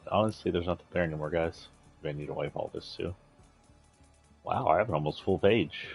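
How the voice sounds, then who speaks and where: A low, husky male voice chatting casually as he streams a video game. He rambles in an offhand way and swears now and then. Faint music sits under his talk. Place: indoors, playing a video game.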